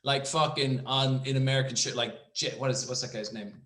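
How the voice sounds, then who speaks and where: A man's voice: medium pitch, fairly even intonation, a little fast, sharp tone, reverberant. A man co-hosting a podcast, chatting casually, rambling with many restarts and some swearing. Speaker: podcast co-host. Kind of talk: casual chat.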